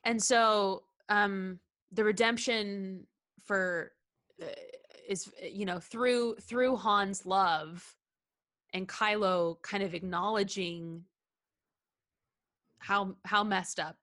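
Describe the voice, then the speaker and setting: A woman's voice: mid-range voice, steady tone, takes it slowly, bright, forceful tone. A woman co-hosting a podcast, talking through a film scene in casual, heartfelt chat with lots of ums and restarts. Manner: hesitant, many ums and restarts, laughs often; earnest and heartfelt. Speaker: podcast co-host.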